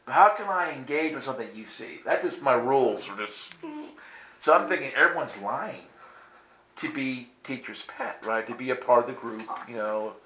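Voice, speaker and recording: A guest telling a testimony, this man shares a personal story in animated fashion, his bright, fairly high voice swinging widely in pitch with lively intonation at normal speed. He acts out the voices in his tale and laughs often. The room is echoey, with faint ambience underneath.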